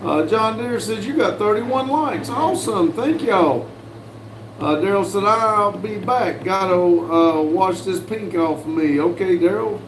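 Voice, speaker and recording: A man's voice: high voice, expressive, noisy background. Folksy American man reading live chat. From United States. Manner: folksy, unhurried, many filler "uh"s, reads viewer messages aloud. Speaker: livestream host reading chat. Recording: roomy with faint background ambience.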